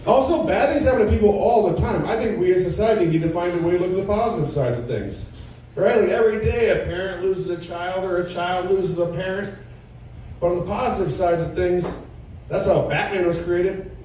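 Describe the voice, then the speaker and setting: A man in his thirties doing a stand-up comedy set with a laid-back, deadpan delivery at a comedy club. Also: high voice, a little fast, very echoey, recorded from a distance, noisy background. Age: 30s. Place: comedy club with a live audience.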